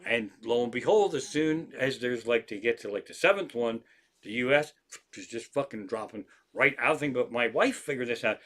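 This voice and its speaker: A man's voice: mid-range voice, moderate pace. A man, a comedian, streaming live from an armchair at home and telling rambling stories peppered with swearing. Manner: profane, animated anecdotes with frequent swearing. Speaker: comedian hosting a livestream. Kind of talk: casual rambling storytelling.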